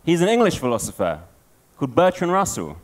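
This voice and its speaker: A man giving a storytelling conference talk, an animated storyteller. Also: a little high, a little fast. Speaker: conference speaker.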